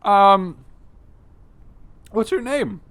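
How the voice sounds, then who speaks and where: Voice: mid-range voice, extremely slow, vocal fry, fairly bright tone. An improv actor in a comedy scene, playful and prone to dramatic overreactions. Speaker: podcast co-host, actor. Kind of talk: improvised comedy role-play.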